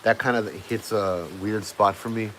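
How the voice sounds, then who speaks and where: A man's voice: lowish voice, fairly even intonation, unhurried, a bit bright, a little hiss or hum, rough recording. A man hosting a livestream, telling a ghost story in a casual, rambling way with plenty of fillers and restarts. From Hawaii. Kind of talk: casual storytelling to a live chat.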